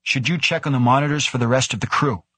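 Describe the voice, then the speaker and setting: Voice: medium pitch, fast talker, fairly bright tone, husky, dry recording, voice pushed up. A man voicing a tired, worried controller who speaks in a subdued, earnest way.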